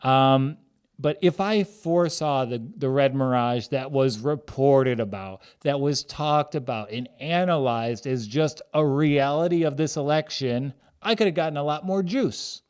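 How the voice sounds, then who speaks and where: Smooth-voiced man in wry podcast chat. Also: mid-range voice, darkish tone. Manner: joking, wry, quick asides. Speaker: podcast host. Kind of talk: casual chat.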